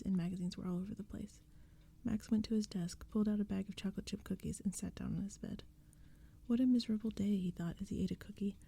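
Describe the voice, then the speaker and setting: A woman reads a storybook in a whispered role-play, her voice mostly an unvoiced whisper. The tone is very mellow and dark, with a breathy, husky edge. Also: medium pitch. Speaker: ASMR audiobook reader.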